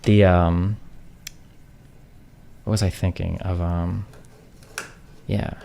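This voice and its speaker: A man's voice: low-pitched, flat delivery, extremely slow, vocal fry, dark tone, slight background noise. A man in his thirties in a casual venting monologue, sarcastic and exasperated, slipping into mocking voices of others. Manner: sarcastic, exasperated, mimics others mid-story. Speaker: streamer.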